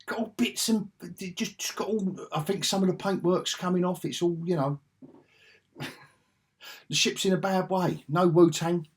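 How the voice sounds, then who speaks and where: A man's voice: high voice, steady tone, moderate pace, slightly rough. A man giving a rambling, sarcastic spoken review, chuckling often as he retells scenes.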